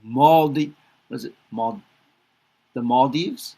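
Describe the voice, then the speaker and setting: Slow, gravelly man drilling country names. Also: mid-range voice, mellow. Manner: repeats each word slowly, chatty asides; self-correcting, laughs at own slips. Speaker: English teacher. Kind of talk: casual pronunciation lesson.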